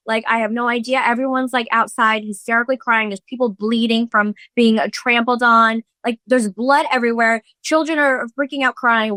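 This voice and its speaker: A woman's voice: fairly high pitch, steady tone, a little fast, few pauses, bright, forceful tone, no room sound. A woman in her thirties, a podcast host, recounting a chaotic story in casual chat, full of swearing, fillers and acted-out quotes.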